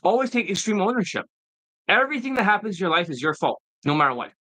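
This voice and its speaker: A man's voice: high voice, sing-song, fast talker, pushed and bright, no room sound, low-quality recording. A man who works as a dating coach, giving a profane, combative and mocking monologue in a casual style.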